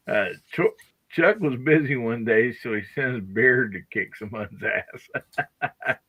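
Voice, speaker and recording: A man hosting a live podcast in a relaxed, chatty way, laughing often and talking through a bout of hiccups. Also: medium pitch. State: has the hiccups. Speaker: podcast host. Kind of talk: casual livestream chat.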